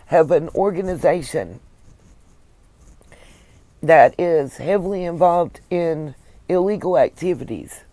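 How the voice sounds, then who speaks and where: A woman's voice: low voice, warm tone, no room sound. Chatty Southern woman livestreaming. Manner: chatty, emotional, thanks viewers by name. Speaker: livestream host reading viewer comments. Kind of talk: casual chat.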